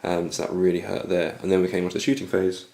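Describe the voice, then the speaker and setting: A man recapping his turn in a tabletop wargame battle report, going hoarse as he loses his voice. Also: low-pitched, fast. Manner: steady recap of dice results. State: losing his voice. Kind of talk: casual battle report commentary.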